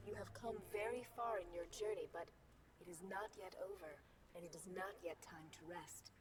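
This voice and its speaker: A woman's voice: lowish voice, steady tone, lightly acted. A woman voicing a solemn prophetic guide. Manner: grave, measured, prophetic. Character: solemn mysterious woman guide giving warnings. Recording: distant noisy game audio.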